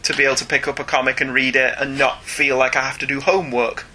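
A man's voice: mid-range voice, fast talker, background noise. A man co-hosting a casual podcast, chatting and reading listener emails aloud with frequent laughs. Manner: chatty, animated, laughs often, reads aloud. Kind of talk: casual chat.

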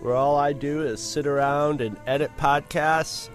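A man's voice: a little high, steady tone, unhurried, faint music behind. A man co-hosting a podcast, chatting casually in a joking, laid-back way with frequent restarts. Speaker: podcast co-host.

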